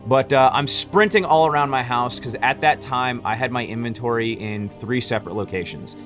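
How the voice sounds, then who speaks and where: A man tells a story in a casual vlog about running his own business. His pitch sits in the middle, and his talk rambles with lots of fillers and false starts. Faint music plays underneath. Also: moderate pace. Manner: rambling, with frequent restarts and fillers. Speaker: small business owner.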